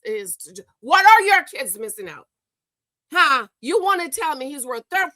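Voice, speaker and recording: Woman, gossip commentary host, exasperated, scolding, lively pitch, close dry sound. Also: no room sound. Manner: exasperated, scolding, repeats herself.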